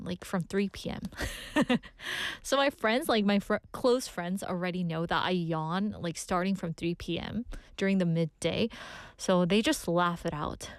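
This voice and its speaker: A woman's voice: medium pitch, expressive, unhurried, no room sound, clean studio sound. A young woman hosting a radio show, chatting playfully between two languages as she reads listener messages and laughs often. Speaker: radio DJ host.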